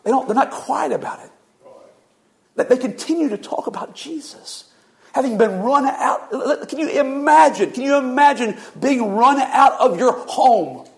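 A man's voice: extremely high pitch, animated, measured pace, vocal fry. A male pastor delivering a sermon, retelling scripture as a vivid, flowing story.

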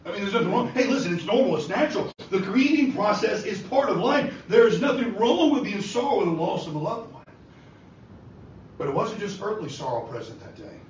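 Preacher, man, high and lively delivery, impassioned; distant mic in a roomy church, lo-fi. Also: a little fast, a little hiss or hum. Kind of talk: sermon. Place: church sanctuary. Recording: echoey church hall from far off, dull and lo-fi.

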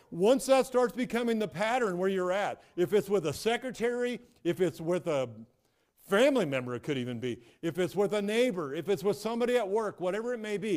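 A man's voice: sits high, lively intonation, a little fast, a little mellow. A middle-aged man preaching a sermon as a pastor, emphatic and repetitive, often restarting his phrases.

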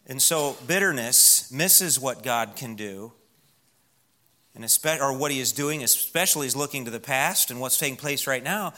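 Bright-voiced emphatic man preaching. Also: mid-range voice. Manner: emphatic, slows and drops to a hush for key words. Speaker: pastor. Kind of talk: sermon. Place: church.

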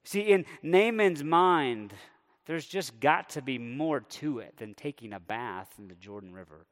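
A man preaching a sermon, animated and conversational, sometimes voicing a character's indignant thoughts. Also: medium pitch, measured pace. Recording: long hall reverb.

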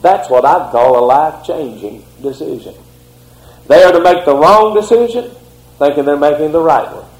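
Impassioned preacher in an echoey room. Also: male voice, lively intonation, moderate pace. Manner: impassioned, sweeping swings of pitch and loudness. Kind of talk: sermon.

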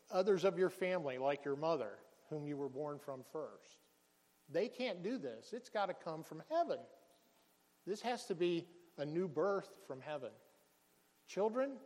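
Man, pastor, earnest sermon delivery with restarts, high voice, reverberant hall sound. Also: a little mellow.

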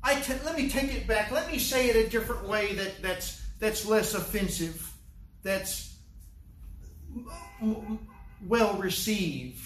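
A man's voice: sits high, measured pace, fairly bright tone. A man acting out a fretful, groveling man who stammers apologies, in an echoey room away from the mic. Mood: pleading. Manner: stammering, pleading, flustered. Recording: echoey room, distant mic, faint hiss.

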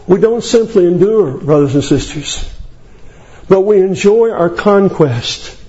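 Emphatic high-voiced preacher man. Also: animated, unhurried, dark tone, dull audio. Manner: emphatic, rising to high declamation on scripture lists. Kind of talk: sermon.

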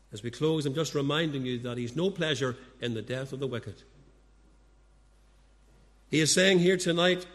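A man preaching an evangelistic sermon, pleading with repeated rhetorical questions and swinging between loud urgent appeals and hushed low warnings. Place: church service. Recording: long hall reverb.

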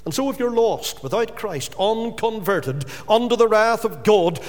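A man's voice: high voice, lively intonation, measured pace, in a large hall. A man preaching a sermon as pastor, earnest and pleading with his hearers.

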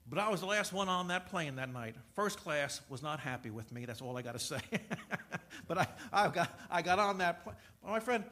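A man preaching in a church, high-pitched, telling a personal story and slipping in jokes along the way. His voice is bright and forceful, and it drops from loud preaching to soft confiding and back. He stumbles over words and repeats them when he gets going. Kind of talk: sermon.

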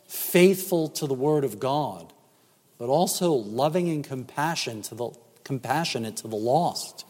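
A man preaching a sermon as pastor, emphatic and measured, with rhetorical questions. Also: medium pitch, darkish tone. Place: church sanctuary. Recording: church hall reverb.

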